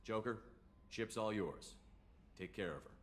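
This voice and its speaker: A man's voice: on the low side, a little slow, a little hiss or hum, lightly acted. An actor voicing a terse male starship commander in a video game. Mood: firm.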